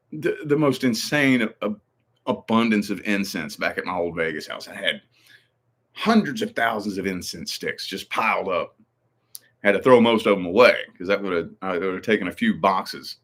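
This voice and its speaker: A man's voice: on the low side, normal speed. Profane, rambling man chatting casually. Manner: rambling, profane, animated storytelling. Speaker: channel host. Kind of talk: casual livestream chat.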